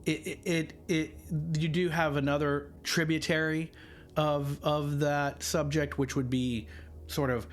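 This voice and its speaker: A man's voice: fairly high pitch, flat delivery, a little slow. A man hosting a podcast on his own, talking casually in a rambling, chatty way with self-deprecating asides. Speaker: podcast host. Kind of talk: casual solo podcast monologue.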